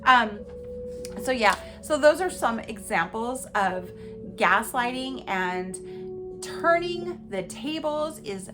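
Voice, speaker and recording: A woman tells a personal story as a podcast host, speaking emphatically and addressing her listeners directly. Her fairly high voice rises and falls with lots of movement. Soft music plays faintly behind her. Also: takes it slowly. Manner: animated, emphatic, talks straight to listeners.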